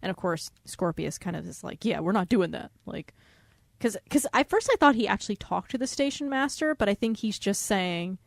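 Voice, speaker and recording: A woman's voice: medium pitch, expressive, moderate pace, vocal fry, no room sound, clean studio sound. A young woman co-hosting a podcast, chatting casually about a book, teasing and laughing easily. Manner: giggly, teasing, laughs loudly. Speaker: podcast co-host. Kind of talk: casual book discussion chat.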